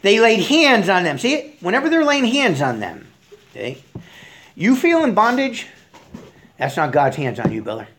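A woman's voice: lowish voice, very animated, a little fast, noisy background. A woman preaching an informal Bible teaching, rambling with many fillers and restarts.

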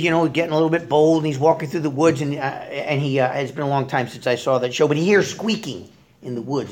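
A woman preaching an informal Bible teaching, rambling with many fillers and restarts. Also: low voice.

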